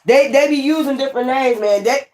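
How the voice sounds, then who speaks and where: A high-pitched woman with a darkish tone talks a little fast as she gives a casual tarot reading. Blunt and prone to swearing, she warns the viewer and repeats her points for emphasis.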